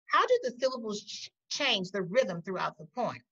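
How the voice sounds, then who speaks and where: A woman teacher giving a recorded poetry lesson, talking slowly and deliberately and pausing to question the class. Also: mid-range voice, sing-song, a bit bright, husky. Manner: slow, deliberate, with pauses. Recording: dull lo-fi audio.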